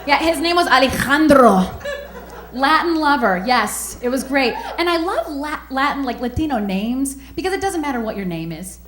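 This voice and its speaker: A woman's voice: high-pitched, lively intonation, moderate pace, a bit bright, echoey room. A woman doing a stand-up routine with a sly, teasing delivery and punchlines. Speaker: stand-up comedian.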